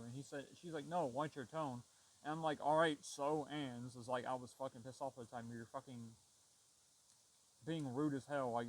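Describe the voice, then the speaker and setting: Young male vlogger, profane venting monologue, loose rambling delivery, mid pitch. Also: low-quality recording. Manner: heavy swearing, frustrated, rambling with restarts. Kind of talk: casual storytelling rant.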